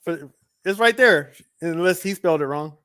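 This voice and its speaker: A man's voice: fairly high pitch, animated, normal speed, sharp tone. A man hosting a casual podcast chat, laughing easily and answering with short replies.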